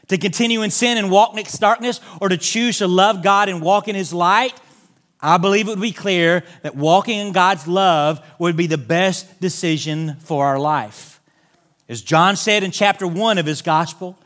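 A man's voice: high-pitched, a bit bright. A pastor preaching a sermon in a church, making earnest, direct appeals to his congregation. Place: church sanctuary.

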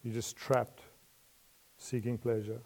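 A man preaching a sermon. He asks his listeners questions, laughs lightly between points, and moves from quiet asides to loud emotional pleas. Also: mid-range voice, level tone, slow.

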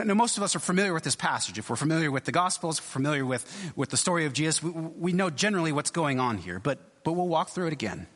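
A man delivers a sermon with a lively, rising and falling pitch, talking it through casually and restarting phrases as he thinks. His voice is a bit husky. It rings out with the long reverb of a large church. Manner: conversational, thinking aloud with frequent restarts. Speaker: pastor.

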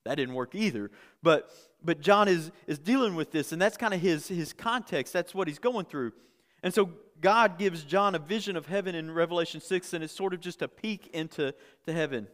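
A man's voice: a little high, fairly quick, a bit bright, big-room sound. A man preaching a sermon in a conversational way, often repeating words and building to emphatic peaks. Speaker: pastor.

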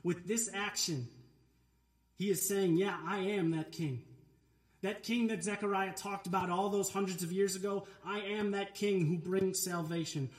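Guy preaching a sermon, kinda high voice, earnest and emphatic, echoey church room. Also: fairly even intonation, unhurried. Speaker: pastor. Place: church sanctuary.

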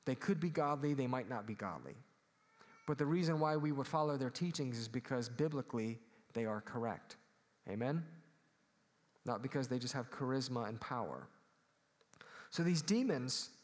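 A man, preaching a sermon as pastor, earnest and calling out for amens. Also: mid-range voice. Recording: long hall reverb.

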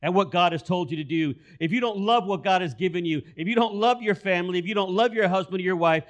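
A man's voice: sits high, quick pace. A man preaching a sermon, telling a story and repeating key phrases for emphasis. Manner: storytelling, acts out quoted voices.

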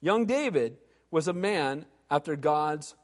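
A pastor preaching a sermon, reading scripture and acting out the voices of biblical characters with rising intensity. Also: male voice, on the high side, expressive, slow pace, in a large hall.

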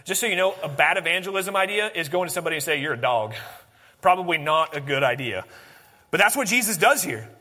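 A man preaching a sermon, swinging from animated emphasis to hushed, intense lines. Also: sits high, quick pace, big-room sound. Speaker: pastor.

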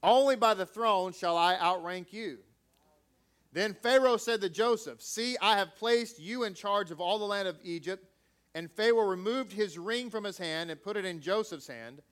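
A male preacher with a fairly high, smooth and resonant voice reads a scripture passage and then preaches. He speaks conversationally to his congregation and throws in jokey asides. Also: normal speed, fairly bright tone. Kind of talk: scripture reading and sermon.

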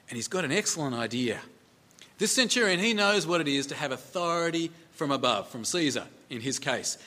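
A man's voice: a little high, a bit bright. A man preaching a sermon in a conversational way, repeating phrases for emphasis and asking rhetorical questions.

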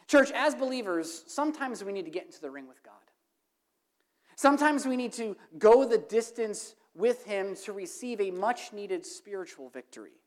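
A woman delivers a sermon in a voice of ordinary, middle pitch. She speaks emphatically and addresses her congregation directly, building to impassioned repeated questions. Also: animated, moderate pace, darkish tone. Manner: emphatic, rising to impassioned repetition. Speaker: preacher.

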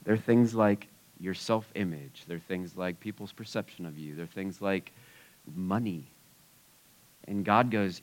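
A man preaching a sermon to a live audience in a relaxed, conversational way, swinging between loud and hushed. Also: low voice, a little slow, poor audio.

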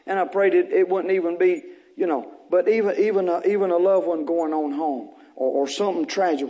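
A man's voice: high-pitched, fairly quick, hardly any pauses, warm tone. A male pastor preaching a sermon, repeating phrases and rising into emphatic bursts.

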